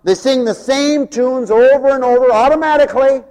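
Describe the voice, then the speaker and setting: A man preaching a sermon, mocking and animated, swinging from loud to hushed. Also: very high-pitched, moderate pace. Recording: long hall reverb.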